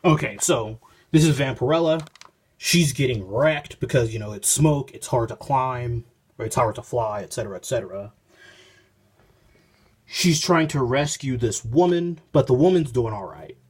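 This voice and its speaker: A man with a husky, slightly breathy voice talks through a comic issue in a loose, rambling way. He paraphrases the dialogue and stops himself mid-thought. He records on a phone. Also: medium pitch, animated, normal speed, a little mellow. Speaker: comic book reviewer. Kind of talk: casual spoken review, reading panels aloud.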